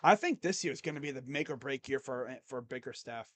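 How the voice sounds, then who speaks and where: A man giving casual live play-by-play reaction to a basketball game, jumping between loud excited calls and low muttered grumbling as a rambling fan. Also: a little fast. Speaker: sports YouTuber doing live play-by-play.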